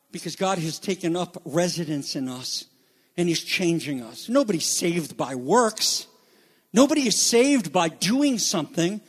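A man preaching a sermon, explaining scripture in a calm teaching tone and then building to loud, slow, emphatic passages with some stumbles and restarts. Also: high-pitched, slightly rough. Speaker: pastor.

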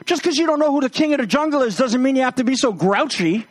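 A man's voice: very high voice, expressive, quick pace, voice pushed up. A man voicing a boastful male lion who demands to be called king of the jungle in a told fable. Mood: blustering. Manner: blustering, demanding.

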